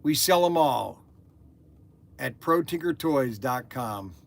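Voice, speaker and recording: Older man pitching toys, hard-sell. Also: expressive, slow, creaky. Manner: pushy salesman hype, repeats the shop slogan; repeats himself and restarts. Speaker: toy shop host. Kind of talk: live sales show chat.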